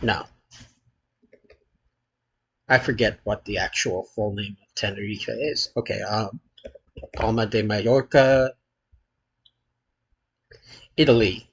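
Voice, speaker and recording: Very slow, halting man. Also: fairly low pitch, fairly bright tone, breathy edge, dull audio. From United States. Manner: hesitant, halting, frequent filler pauses. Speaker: channel host playing a geography quiz. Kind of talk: thinking-aloud quiz commentary.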